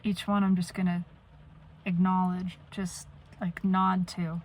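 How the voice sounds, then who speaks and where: A woman's voice: lowish voice, little pitch movement, slow, low-quality recording. A woman venting in a personal monologue, blunt and profane, often trailing off and restarting. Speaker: vlogger.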